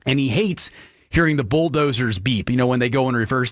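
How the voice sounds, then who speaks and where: A man hosting a radio talk show alone, ranting in an opinionated, animated way about everyday gripes. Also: fairly quick, no room sound, studio quality. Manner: animated, ranting, mocks people in high silly voices. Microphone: studio microphone.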